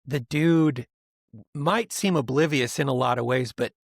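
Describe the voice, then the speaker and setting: A man co-hosting a podcast in casual chat, rambling and animated, often mimicking other people's voices for laughs. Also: mid-range voice, a little slow, vocal fry, no echo, clean studio sound. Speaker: podcast co-host.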